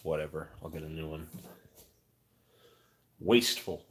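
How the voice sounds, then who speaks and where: A man streaming casually, rambling with profane, deadpan musings. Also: low-pitched, a little slow, noisy background. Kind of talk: casual chat.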